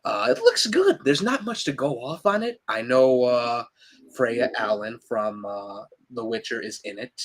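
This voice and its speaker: A man's voice: mid-range voice, big pitch swings, a little slow, low-quality recording. A man co-hosting a live podcast, chatting casually and laughing often. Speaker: podcast co-host. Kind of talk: casual chat.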